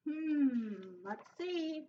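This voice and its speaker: A woman teacher reading a picture book aloud to children, pausing to ask them questions and prompt them to act along. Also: high-pitched, lively intonation, warm tone, highs cut off. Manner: interactive, asks children questions. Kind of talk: storybook read-aloud for children.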